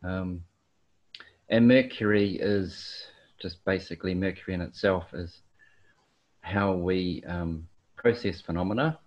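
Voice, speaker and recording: A man from New Zealand speaking on a panel over a video call, explaining ideas thoughtfully with many pauses and ums. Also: low voice. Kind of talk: slow reflective explanation. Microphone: video call mic. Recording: dull lo-fi video call audio.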